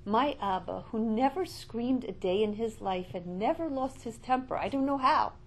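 A woman's voice: fairly high pitch, lively intonation, moderate pace. An older woman giving an inspirational storytelling talk, emphatic and full of repeated rhetorical questions. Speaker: inspirational speaker.

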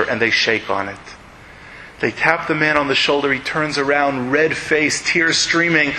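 Man, bright voice, animated inspirational sermon, emphatic storytelling, faint background noise. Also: on the high side, moderate pace, poor audio. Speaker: speaker at a community event.

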